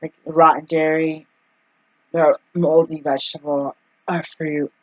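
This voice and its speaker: A woman's voice: deep voice, flat delivery, measured pace, darkish tone, dry recording, lo-fi sound. A woman telling a personal story in a casual vlog, chatty and full of fillers, acting out the people she quotes. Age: adult, mother of two young kids. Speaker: vlogger.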